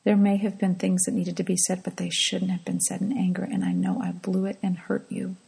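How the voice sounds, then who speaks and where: Middle-aged woman, intensely gravelly and raspy, hushed reflective devotional storyteller. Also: on the low side, little pitch movement, a little fast, low-quality recording. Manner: soft, hushed, often drops to a whisper. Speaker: mother telling a personal devotional story.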